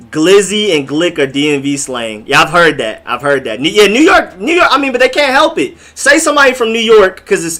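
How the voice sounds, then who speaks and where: A man's voice: a little high, bright, forceful tone. A young man from Atlanta hosting a casual live stream, rambling in slang and answering viewers' comments as he reads them. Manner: rambling, slangy, talks straight to the chat.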